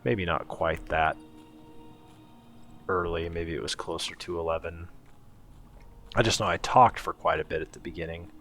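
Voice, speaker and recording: A man giving relaxed, casual let's-play commentary, musing to himself as he explores. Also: sits low, normal speed, long pauses, slight background noise. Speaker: gameplay commentator.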